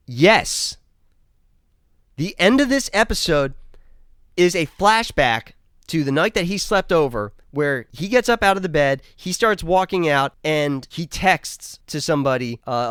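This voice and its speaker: Exasperated man ranting with lively pitch. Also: no echo, studio quality. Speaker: show reviewer. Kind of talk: casual review rant.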